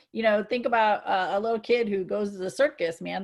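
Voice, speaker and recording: A woman co-hosting a casual spiritual chat, earnest and reflective, growing excited when she gives examples. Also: medium pitch, fairly quick, hardly any pauses. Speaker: co-host.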